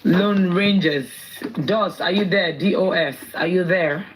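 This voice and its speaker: A man's voice: sits high, a little slow, background noise. A man with a Nigerian accent hosting a live audio chat, calling on speakers one by one. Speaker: host.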